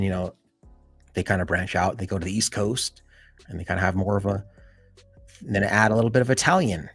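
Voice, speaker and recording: A man hosting a live stream in casual chat, rambling and filling every pause with "you know" and "like". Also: on the low side, breathy edge.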